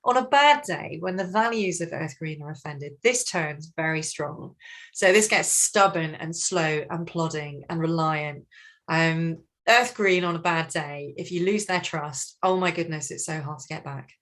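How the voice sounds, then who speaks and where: Animated woman leading a training workshop. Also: low-pitched, unhurried. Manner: animated, expressive, acts out colleagues. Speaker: workplace communication trainer. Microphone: video call.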